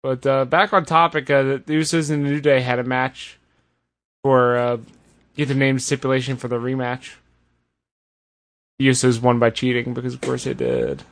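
A man hosting a casual podcast, recapping events in an animated, sarcastic way. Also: mid-range voice, moderate pace, pauses often. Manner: animated, sarcastic retelling with put-on voices. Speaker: podcast host. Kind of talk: casual wrestling recap chat.

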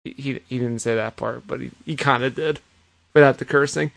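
A man co-hosting a podcast, giving an animated casual recap with plenty of swearing. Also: medium pitch, normal speed, vocal fry. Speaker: podcast co-host. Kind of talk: casual chat.

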